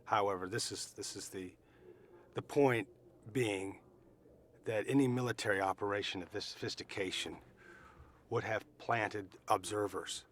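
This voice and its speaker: A middle-aged man recounting what he saw in a fairly low voice, earnest and emphatic, pausing and restarting as he goes. A faint hiss sits under the recording. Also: steady tone, fairly bright tone. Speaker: eyewitness recounting events. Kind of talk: recorded eyewitness testimony.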